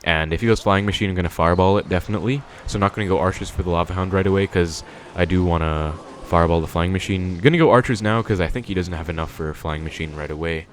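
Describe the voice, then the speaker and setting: Speaking quickly with few pauses, this low-pitched young man narrates his own gameplay in a casual, think-aloud style full of fillers. He makes gaming videos.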